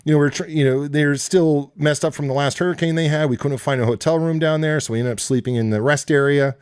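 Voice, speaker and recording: A man's voice: a little high, fast, clear, resonant tone, dry recording. A man telling rambling, profane road-trip stories as a podcast guest in a basement studio. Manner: rambling, profane, animated storytelling. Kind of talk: casual storytelling.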